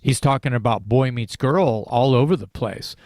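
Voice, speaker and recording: A man's voice: medium pitch, moderate pace, darkish tone, no room sound, clean studio sound. A man in a casual podcast discussion about an album, talking in rambling sentences with many restarts and fillers.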